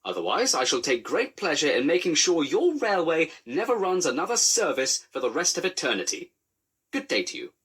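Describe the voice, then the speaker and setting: A man doing a pompous, fussy railway inspector who splutters and lectures in a high, prim voice. His tone swings widely and carries a husky grain. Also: very animated, normal speed, a bit bright, heavily acted.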